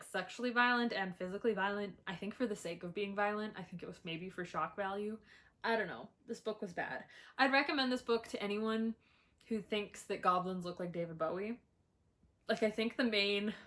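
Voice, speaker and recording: Brief: young woman, bright voice, blunt and sweary, frequent laughs, book-rant vlogger at home. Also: mid-range voice. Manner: blunt, sweary, laughs often, animated outbursts. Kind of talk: ranting book review.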